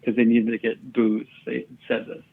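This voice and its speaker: A man's voice: mid-range voice, flat delivery, moderate pace, vocal fry, narrow, tinny audio, crowd noise. A man, a comedian guest, telling rambling stories in casual chat and swearing often.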